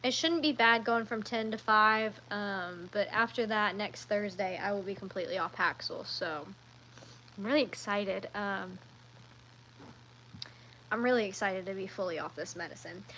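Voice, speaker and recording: A woman's voice: mid-range voice, pushed and bright, slight background noise, poor audio. Chatty woman livestreaming, rambling. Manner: chatty and rambling, with frequent ums and self-corrections. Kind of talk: casual live-stream chat.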